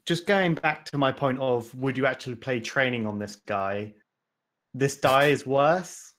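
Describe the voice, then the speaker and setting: A man's voice: medium pitch, unhurried, a bit bright. A man co-hosting a podcast, thinking aloud and posing questions in a casual card game chat. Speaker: podcast co-host.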